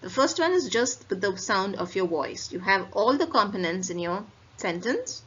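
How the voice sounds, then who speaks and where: A woman French teacher with an Indian English accent gives a classroom grammar lecture, explaining step by step and slowly repeating example phrases. Her medium-pitched voice is husky and very animated, though the audio sounds dull.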